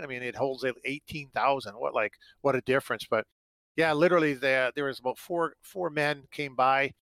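A man's voice: medium pitch, bright, forceful tone, no echo, low-quality recording. A middle-aged man from Canada, a former hockey player, telling long rambling stories in an interview with lots of fillers. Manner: rambling anecdotes full of fillers, acting out quotes. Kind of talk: storytelling in an interview.

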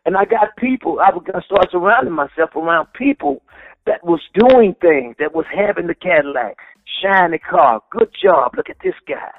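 Gravelly, animated man on a phone line. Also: sits high, normal speed, no room sound. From West Dallas, Texas. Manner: emphatic and motivational, repeats key phrases. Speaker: guest calling in. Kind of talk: phone-in conversation.

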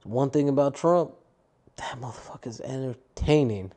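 A young adult man talks alone into his podcast mic, rambling and swearing with a tired, downbeat edge. His voice is mellow and warm, never bright. He drifts loosely from one gripe to the next. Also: medium pitch, normal speed. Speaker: podcast host. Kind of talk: casual solo podcast rant.

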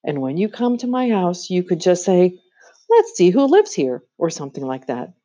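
A woman's voice: lowish voice, very animated, moderate pace, warm tone. A woman voicing a cold, scheming queen who coaxes a boy with sweet, commanding persuasion, in a storybook reading. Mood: sly.

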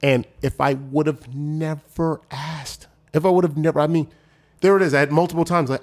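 A man in his forties, a former pro football player, telling stories as a podcast guest and acting out what people said. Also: normal speed. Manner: animated, acts out quoted voices with big pitch jumps. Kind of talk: casual storytelling chat.

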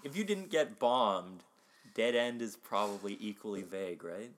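A man's voice: lowish voice, lively intonation, moderate pace. A man in a casual chat, playful and joking as he picks apart advice.

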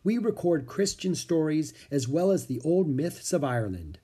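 A man doing a calm, formal monk. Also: fairly high pitch, normal speed, slightly rough, voice pushed up. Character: calm, welcoming grown male monk. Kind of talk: storybook reading.

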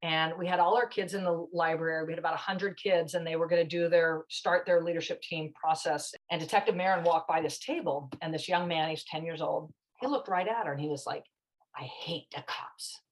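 Passionate, low-voiced woman telling a story. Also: steady tone, fairly quick, few pauses, low-quality recording. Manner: passionate, emphatic, chatty. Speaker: guest. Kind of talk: animated storytelling in a conversation.

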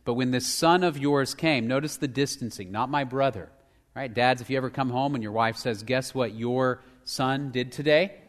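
A man delivers a sermon from the pulpit, his mid-range voice swelling to fervent emphasis and then falling to a hushed near-whisper. The sound carries a long, lingering reverb from a church sanctuary. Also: medium pitch, moderate pace. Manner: emphatic, rising to loud fervor in passages; drops to a near whisper for tender lines. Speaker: pastor.

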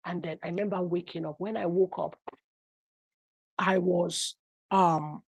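With a low-leaning voice that carries vocal fry and a slight roughness, a middle-aged woman apostle preaches at a measured pace. Her sermon relies on personal testimony, told as animated stories that swell into cries. There is no echo.

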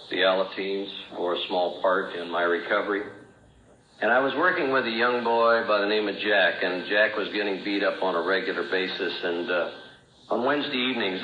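A middle-aged man giving an earnest personal testimony as a recovery speaker, with a storytelling manner that rises and falls. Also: slight background noise. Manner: earnest storytelling, rising and falling pitch. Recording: roomy, dull old recording.

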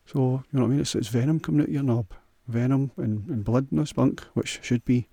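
A man's voice: medium pitch, fairly quick, vocal fry, mellow, no echo. A man with a Scottish accent hosting a solo podcast, rambling in a crude, sweary, offhand way. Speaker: podcast host.

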